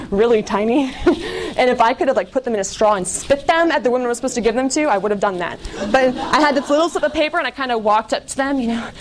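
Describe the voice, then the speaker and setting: A woman's voice: on the high side, fast talker. A woman giving a casual personal testimony to an audience, candid and chatty, full of "like" and small laughs at herself.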